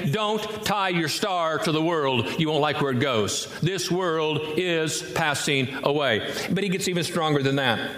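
A male pastor preaching a sermon, emphatic and repetitive, with wide swings between low and high delivery. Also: fairly bright tone. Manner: emphatic, repeats words for effect, wide swings in pitch. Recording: echoey hall, faint ambience.

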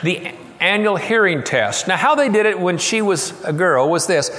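A middle-aged man preaching a sermon, telling a story and quoting it with slow, soft emphasis. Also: high voice, animated, big-room sound. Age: middle-aged or older. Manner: storytelling, quoting, slowing and softening for tender moments. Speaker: pastor.

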